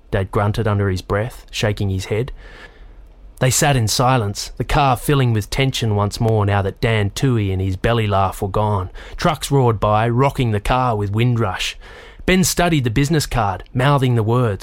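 A man narrating an audiobook in a steady storytelling manner, lifting his voice for the characters. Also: medium pitch, moderate pace, dry recording.

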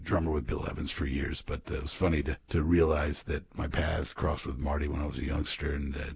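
A man's voice: rumbling low, fast talker, gravelly, slight background noise. A man hosting a jazz radio show, chatting casually with rambling anecdotes and lots of filler words. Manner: relaxed, rambling, frequent uh fillers. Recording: dull lo-fi radio broadcast.

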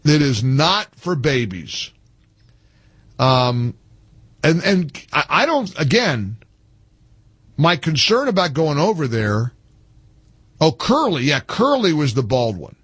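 Lively, husky-voiced radio host man. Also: a little high, takes it slowly, pauses often, no room sound. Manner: animated, exasperated, jokey. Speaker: radio talk show host. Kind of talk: call-in talk radio.

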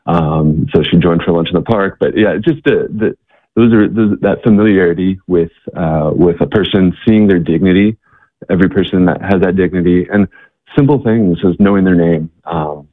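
A man talking as an interview guest, telling stories in a halting way, with many fillers and repeated words. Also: deep voice, no room sound. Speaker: guest, charity worker. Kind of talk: casual interview storytelling. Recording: tinny, dry phone-like line.

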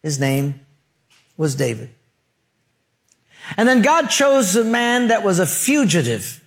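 A man preaching a sermon, joking and acting out voices, dropping his voice low for emphasis. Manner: humorous, acts out voices, drops low for emphasis. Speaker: pastor.

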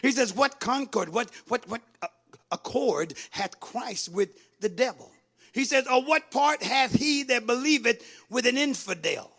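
Male preacher, sermon, very high voice, bright and sharp, call-and-response, sing-song shouting. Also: lively intonation, moderate pace. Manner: builds from quiet talk to sing-song shouting.

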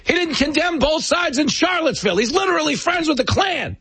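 A shrill, accusing heckler, as a man puts him on, rants in a high, strained voice. The delivery is loud, mocking and over the top. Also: expressive, a little fast, no room sound, full character voice. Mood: shrill ranting. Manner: shrill, ranting.

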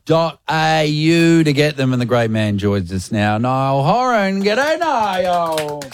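A man's voice: a little high, big pitch swings, slow, slight background noise. A man hosting drive-time radio, asking playful, teasing questions. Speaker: radio host.

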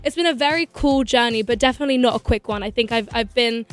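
A young woman talks in a bubbly, excitable rush, her voice pitched high. She chats casually as a guest in a radio studio, peppering her sentences with "like". Faint music sits low behind her. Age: young adult. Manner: bubbly, excitable, quick laughs, lots of "like". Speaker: singer and actress guest. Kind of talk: casual chat.

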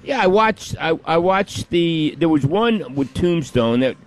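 Laid-back older man, slightly high voice. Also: lively intonation, unhurried. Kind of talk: casual chat.

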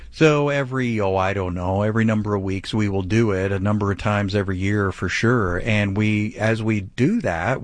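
A man with a lowish voice, a pastor taking a call on a teaching show. He preaches in an animated, emphatic way, pushing hard on his points. The sound is dry and close, with no room echo. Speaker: pastor answering callers.

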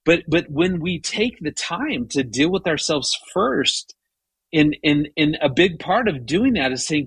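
A man in his fifties, a guest telling a personal story with animated retellings and frequent stumbling restarts. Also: fairly high pitch, unhurried, breathy edge, dry recording, low-quality recording. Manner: animated, retells his inner rants with rising voice; frequent repeated-word restarts. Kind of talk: storytelling in conversation.

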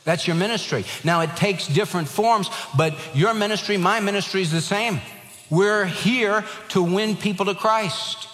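A man delivers an earnest sermon, his fairly high voice carrying with emphatic weight. A long reverb trails each phrase, as in a large hall. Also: normal speed, fairly bright tone. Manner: earnest, emphatic preaching with a humorous anecdote. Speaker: pastor.

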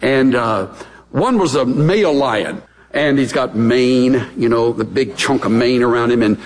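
A man's voice: medium pitch, measured pace. A middle-aged man preaching a sermon, a pastor telling stories in a chatty, folksy way. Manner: chatty, storytelling, folksy asides. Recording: long hall reverb.

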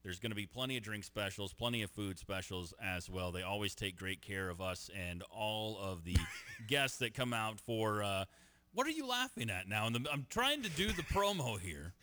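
Lively, bright-voiced radio host man. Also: lowish voice, normal speed. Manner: playful, teasing, reads phone number and promos. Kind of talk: casual sports radio banter.

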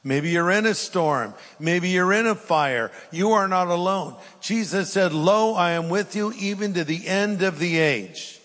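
Man preaching a sermon, fairly high voice, long hall reverb, reads scripture with emphasis. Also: a little slow, few pauses, a bit bright. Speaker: pastor.

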